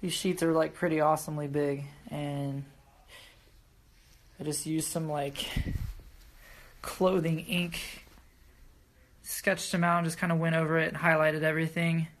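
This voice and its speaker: Relaxed man showing off his artwork. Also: fairly high pitch, measured pace, pauses often. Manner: relaxed, casual explaining with fillers. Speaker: artist showing his work. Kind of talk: casual video update.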